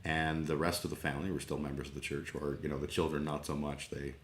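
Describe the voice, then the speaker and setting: A middle-aged man with an extremely low, rumbling voice, talking loosely on his livestream. He drifts from thought to thought, swears freely, and pads his sentences with ums. The room around him has a noticeable echo. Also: little pitch movement, fast talker, a little hiss or hum. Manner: meandering, sweary, self-deprecating, many fillers. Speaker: livestream host. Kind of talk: casual rambling chat. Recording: roomy echo.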